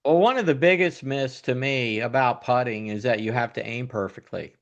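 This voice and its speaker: A man's voice: medium pitch, moderate pace, highs cut off. A man hosting a golf podcast who sets up his questions with long explanations in casual conversation. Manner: leads with long setups, then asks questions. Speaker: podcast host.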